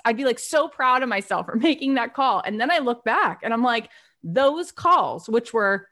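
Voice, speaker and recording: A woman hosting a podcast, telling a motivational story and acting out her old phone calls with lively energy. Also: on the high side, normal speed. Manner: animated, acts out her own past phone calls. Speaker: podcast host.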